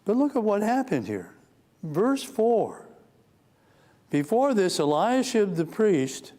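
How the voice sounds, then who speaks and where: Male pastor teaching a church class, slightly high voice, earnest, slows for scripture and sinks quiet and grave. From United States. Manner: earnest, reads scripture slowly, drops to a low somber tone. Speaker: pastor teaching Sunday school. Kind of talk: Bible teaching sermon.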